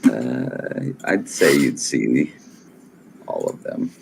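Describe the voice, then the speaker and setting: A man's voice: rumbling low, very animated, extremely slow, gravelly, darkish tone, a little hiss or hum. A man, running a tabletop game as game master in an easygoing, reassuring way.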